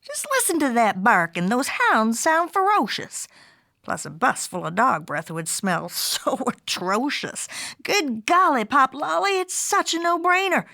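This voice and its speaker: A woman's voice: high-pitched, very animated, measured pace, creaky, sharp tone, no room sound, studio quality, voice pushed up, exaggerated voice. A woman voicing a fussy, theatrical mother cat who speaks emphatically. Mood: dramatic.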